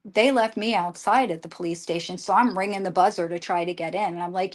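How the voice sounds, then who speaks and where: Older woman, lowish voice, pours out a rough story, quotes people back and forth, lots of restarts. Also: steady tone. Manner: rushed, emotional storytelling with many restarts and quoted dialogue. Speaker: guest. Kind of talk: emotional personal account in a live conversation.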